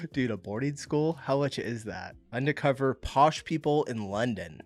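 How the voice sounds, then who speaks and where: A man's voice: medium pitch, animated, a little slow. An American man hosting a reaction video, reading comments aloud and laughing often. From United States.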